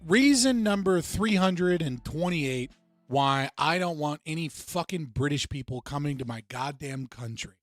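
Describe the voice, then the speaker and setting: A man's voice: fairly high pitch, lively intonation, unhurried, dry recording, soft background music. A man hosting a livestream, reacting to clips with heated, sarcastic, profane commentary. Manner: heated, sarcastic, swears often.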